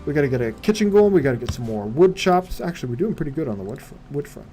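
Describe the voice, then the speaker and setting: Muttering, mellow-voiced male streamer. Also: mid-range voice, sing-song, quick pace, faint music behind. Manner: mutters to himself, rhetorical questions, wry. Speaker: game streamer. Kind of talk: casual live gameplay commentary.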